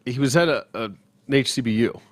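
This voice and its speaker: A man's voice: fairly quick, no echo. A tired man co-hosting a podcast, chatting easily and explaining sports details. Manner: easygoing, explains sports details, lively pitch. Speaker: podcast co-host. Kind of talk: casual chat.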